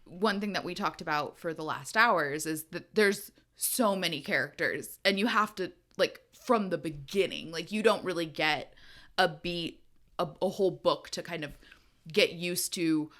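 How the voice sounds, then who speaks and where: A woman's voice: on the low side, unhurried, fairly bright tone. A woman co-hosting a podcast in casual chat, talking in a chatty, rambling way and laughing often. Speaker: podcast co-host. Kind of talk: casual book-club chat.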